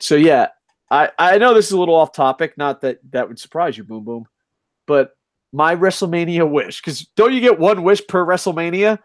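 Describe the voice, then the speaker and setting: A man co-hosting a casual podcast, ranting loudly with lots of swearing. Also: on the high side, lively intonation, normal speed, no echo. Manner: loud, profane ranting. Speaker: podcast co-host.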